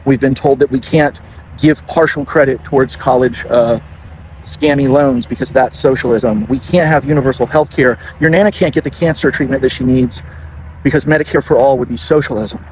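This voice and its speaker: A man's voice: mid-range voice, moderate pace, a little mellow, low-quality recording. Guy ranting outside, traffic noise, keeps repeating you voted for this. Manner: indignant, repetitive, accusing. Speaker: commentator. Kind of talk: passionate political rant.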